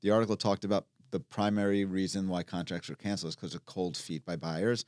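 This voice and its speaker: Deep-voiced broker on a panel. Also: male voice, level tone, brisk, darkish tone, dry recording, studio quality. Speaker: guest real estate broker. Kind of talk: casual panel talk. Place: studio.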